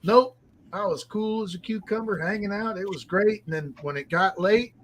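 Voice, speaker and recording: High-voiced man, folksy storyteller, casual shop hangout talk, faint noise. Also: moderate pace. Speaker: host of garage hangout. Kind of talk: casual chat among friends. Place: home garage.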